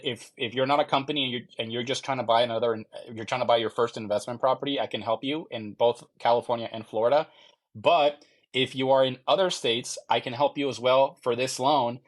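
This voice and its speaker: A young man working as a mortgage loan officer in a live stream, answering viewer questions in a halting way and repeating phrases as he checks. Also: medium pitch.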